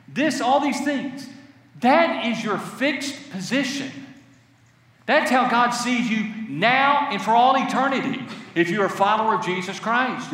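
Male pastor, high animated voice, impassioned sermon with call-and-response, distant in echoey church hall. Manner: impassioned, repeats lines for the congregation to echo. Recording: echoey hall, heard from far off.

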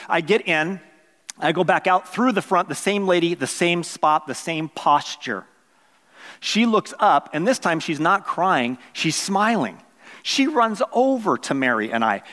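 Male pastor, middle-aged, high voice, swings widely in pitch, acts out quotes, sermon storytelling. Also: in a large hall. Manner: animated, acts out quoted voices, jokes with the congregation.

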